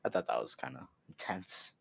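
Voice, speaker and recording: A man co-hosting a podcast, chatting casually about a movie in a halting way and correcting himself. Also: fairly bright tone, no room sound. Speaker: podcast co-host. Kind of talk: casual movie-discussion chat. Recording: slightly dull lo-fi mic.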